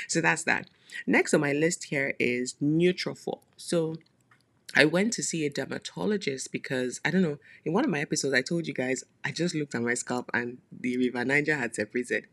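Podcast host, casual solo monologue, chatty, playful, laughing asides, creaky voice, mid pitch. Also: normal speed, fairly bright tone.

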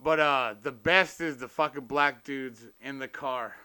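A man's voice: mid-range voice, unhurried, pushed and bright, clear, resonant tone. A man hosting a podcast in casual chat, laid-back and slangy, swearing freely as he tells stories. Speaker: podcast host.

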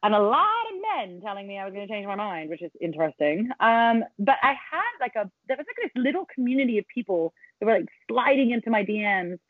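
Talking quickly with hardly any pauses, a female podcast guest speaks bluntly and animatedly over a remote call, swearing freely during the casual interview. Her voice is mid-range and the recording is dry, with a tinny, phone-like quality.

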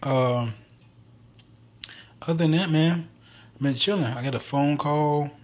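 A man's voice: on the high side, unhurried, darkish tone. A man hosting a podcast alone, telling stories in a rambling, profane, casual way. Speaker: podcast host. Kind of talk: casual solo monologue.

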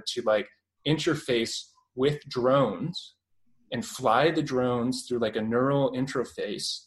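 A man's voice: medium pitch, poor audio. A young Canadian man speaks as a radio interview guest in an ordinary middle-range voice. He keeps reaching for words, full of fillers and false starts, and his delivery stays casual and conversational throughout. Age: 20s. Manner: hesitant, many fillers and restarts. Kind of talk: radio interview, recounting experiences.

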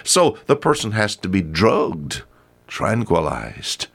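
A man, preaching a short folksy radio devotional that climbs high when he pleads. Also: very animated, slow pace, gravelly, slightly rough.

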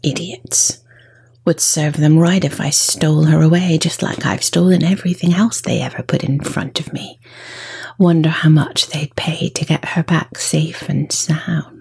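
A woman voicing a scheming petty male thief in a storybook, muttering scornfully to himself in a husky voice. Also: low voice, fairly even intonation, unhurried, darkish tone, heavily acted.

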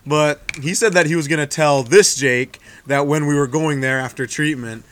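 A man's voice: fairly high pitch, moderate pace, fairly bright tone. A young man co-hosting a podcast, telling stories among friends and acting out what people said. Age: young adult. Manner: storytelling, acting out quotes. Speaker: podcast co-host. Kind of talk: casual chat among friends.

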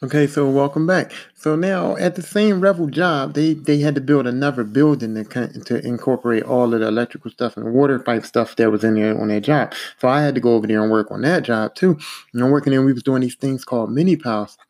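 A man's voice: medium pitch, fairly quick. A man hosting a podcast, telling a work story in a casual, profane, repetitive way. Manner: animated, profane, repetitive, acts out quotes in a raised voice.

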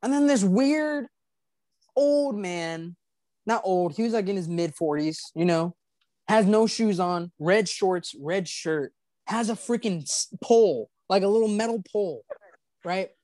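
A man's voice: high voice, a little slow, a little mellow, no room sound. A young man hosting a podcast, telling a story casually with many fillers and restarts. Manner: rambling, filler-heavy, laughing retelling. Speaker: podcast host.

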